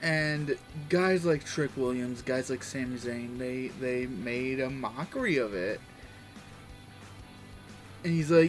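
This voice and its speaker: A man's voice: mid-range voice, takes it slowly. A man casually recapping the week's events, rambling and loosely quoting people as he goes. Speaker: wrestling recap host. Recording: faint background music.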